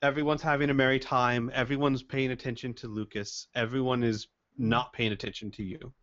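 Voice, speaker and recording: Gm guy talking players through scenes step by step, mid pitch, kinda muffled call audio. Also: level tone, fairly quick, a bit bright. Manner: lays out scenes step by step, hesitant fillers. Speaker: game master. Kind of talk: narrating a tabletop game.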